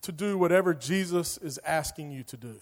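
A man's voice: a little high, brisk. A man, preaching to a youth group in a casual, joking way full of fillers. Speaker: youth pastor. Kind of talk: sermon. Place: church hall. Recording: long hall reverb.

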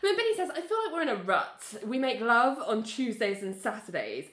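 A bright, sharp-toned woman chatting casually on a podcast, her pitch swinging widely as she acts out lines from a show she is recapping. The room around her is noticeably echoey. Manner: animated, acts out characters' lines in quick voices. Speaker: podcast co-host recapping a TV series. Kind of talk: casual chat.

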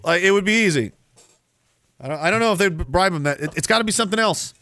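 A man's voice: high-pitched, animated, fast talker, pushed and bright, no room sound. A man from Canada hosting a livestream, reading chat messages and ranting sarcastically with plenty of swearing. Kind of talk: casual live-stream talk.

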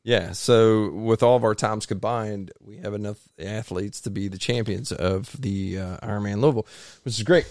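Gravelly low-voiced man telling a story. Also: moderate pace, hardly any pauses, dry recording, clean studio sound. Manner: rambling, animated storytelling with restarts. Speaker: podcast guest, triathlete. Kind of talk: casual storytelling interview. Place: home garage.

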